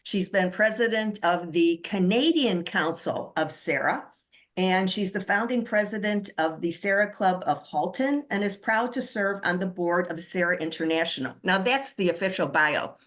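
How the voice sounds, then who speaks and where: A woman of middling pitch hosts a video-call meeting. She introduces the speaker in a chatty, eager way, with frequent ums. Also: expressive, moderate pace, fairly bright tone. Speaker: host.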